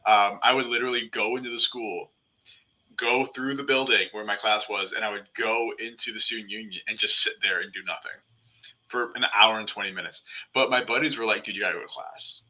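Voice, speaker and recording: Low, very bright-voiced man. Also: fairly even intonation, brisk, low-quality recording. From western New York, US. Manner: earnest, self-deprecating, humorous. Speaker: podcast co-host. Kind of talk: casual faith-based chat.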